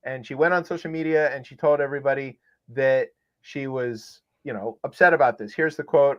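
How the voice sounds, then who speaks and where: A man's voice: medium pitch, brisk, fairly bright tone. A man co-hosting a comedic news podcast, rambling and sarcastic with many fillers. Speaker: podcast co-host. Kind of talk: casual comedic news chat. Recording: dull lo-fi sound.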